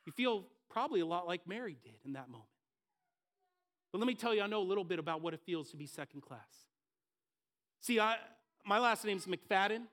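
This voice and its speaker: A man's voice: high voice, a bit bright. A man preaching a sermon as pastor, acting out the listeners' thoughts in short quoted voices. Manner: dynamic preaching, acts out the listeners' inner voices.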